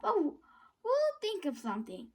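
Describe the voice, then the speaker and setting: A woman's voice: extremely high pitch, wildly swooping pitch, moderate pace, pitched above the performer's own voice, heavily acted. A woman reading as a bossy girl adventurer, Korean accent. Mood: bold. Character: bossy young girl adventurer giving orders.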